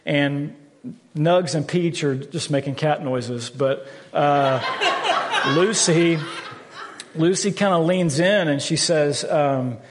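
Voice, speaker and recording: The recording is very noisy, with long church hall reverb, as a pastor in his thirties preaches in the sanctuary. His voice is fairly high and slow, and he speaks earnestly and candidly, often repeating words to drive a point home.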